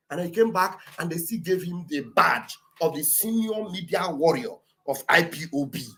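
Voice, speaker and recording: A woman with a Nigerian Igbo accent giving fiery, rhetorical political commentary on a livestream, often rising to shouts. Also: on the low side. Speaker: livestream host.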